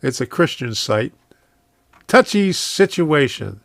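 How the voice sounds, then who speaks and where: Gravelly guy chatting slow on a live stream from his train room, chuckles a lot, dry close sound. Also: on the high side, big pitch swings, fairly bright tone, no room sound. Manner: rambling, chuckles often, reads chat aloud. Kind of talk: casual live-stream chat.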